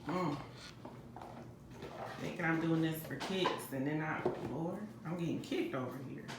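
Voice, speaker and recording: A woman's voice: deep voice, a little slow, noisy background. A woman tarot reader giving a casual, dramatic psychic reading at home, talking straight to her viewers. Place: home kitchen. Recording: roomy home echo.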